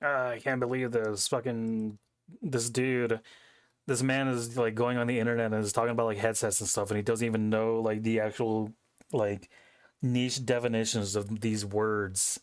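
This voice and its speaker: A man's voice: lowish voice, little pitch movement, moderate pace, no room sound. A young man streaming from his home desk, rambling casually with a lot of profanity and correcting himself as he goes, into a headset mic right by his face. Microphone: headset mic close to face.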